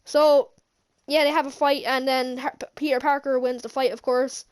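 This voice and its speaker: Her voice is high with little pitch movement, and she keeps a moderate pace. This movie reviewer recaps a film in a loose, rambling style, giggling often and repeatedly restarting what she's saying.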